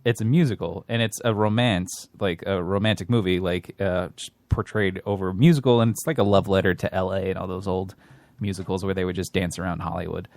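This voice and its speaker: Low-ish guy on a podcast, matter-of-fact and opinionated, dry close sound. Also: fairly even intonation, brisk, creaky, a little mellow, no room sound. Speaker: podcast co-host. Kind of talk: casual chat.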